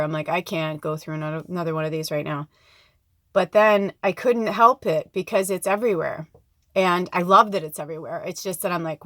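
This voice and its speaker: A woman's voice: on the low side, fairly bright tone, dry recording, clean studio sound. A woman talking to her viewers in a rambling, heartfelt personal vlog, moving between laughter and near tears. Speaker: spiritual vlogger.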